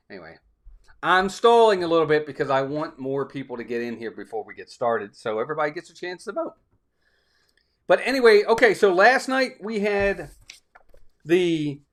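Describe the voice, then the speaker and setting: A man's voice: a little high, a bit bright. A man hosting a live stream in a casual, upbeat way, greeting chat viewers one by one by name.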